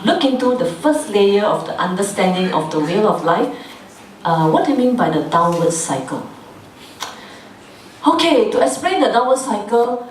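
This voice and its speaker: A woman's voice: mid-range voice, a little hiss or hum. Woman teaching a class in an echoey room. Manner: repetitive, asks the class frequent check-in questions; acts out quoted scolding in a raised voice. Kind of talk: lecture to a class. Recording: echoey hall from far off.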